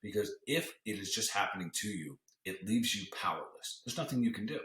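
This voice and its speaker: A man's voice: fairly low pitch, expressive, a little fast, fairly bright tone, roomy sound, poor audio. A male podcast host and doctor giving an earnest, motivational health talk, coaching listeners and often restarting his sentences.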